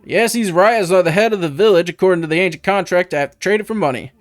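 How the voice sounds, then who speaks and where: A man voicing a male village head in a game, with a slow country drawl and a chatty, evasive manner. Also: high-pitched, no room sound, pitched above the performer's own voice, natural voice. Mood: folksy.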